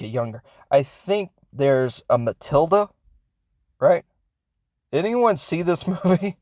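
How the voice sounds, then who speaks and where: A man's voice: medium pitch, darkish tone, no room sound, studio quality. A man hosting a podcast, recapping a film in a casual, rambling way, often unsure and correcting himself, with joking asides. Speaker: podcast host reviewing films.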